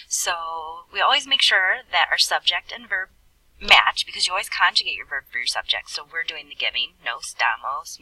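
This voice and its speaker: Husky-voiced woman teaching from a distance. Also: on the low side, sharp tone. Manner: patient, step-by-step explaining. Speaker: Spanish teacher. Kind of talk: recorded classroom lesson with screen writing.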